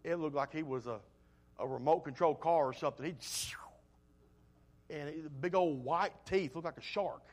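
Man, preacher, folksy sermon storytelling, slightly high voice. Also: normal speed. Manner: folksy storytelling, swings from loud to soft. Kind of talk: sermon with personal stories.

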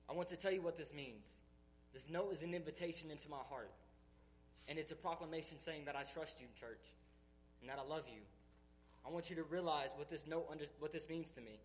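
A man's voice: on the high side, slight background noise. A man giving an emotional church testimony, earnest and emphatic, sounding tearful. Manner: earnest, emphatic, building intensity.

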